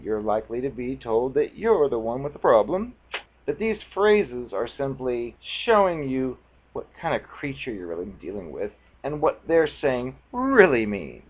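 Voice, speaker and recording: A man's voice: mid-range voice, big pitch swings, a little slow, highs cut off. A man reading phrases from a book aloud and mocking them in casual, scornful commentary. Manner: scornful, mocking, loose and conversational. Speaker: video blogger reading from a book.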